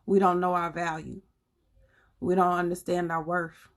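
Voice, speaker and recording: A woman's voice: fairly low pitch, level tone, normal speed. A woman with a Southern US accent hosting a live stream, talking with viewers in an earnest, preachy and colloquial way. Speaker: livestream host. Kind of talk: casual live chat with viewers.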